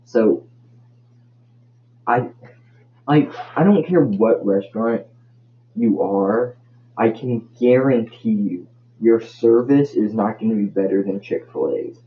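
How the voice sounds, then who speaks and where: A man's voice: on the low side, slow, pauses often, phone-quality sound, slight background noise. A man hosting a casual solo podcast, rambling and tripping over his words. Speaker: podcast host.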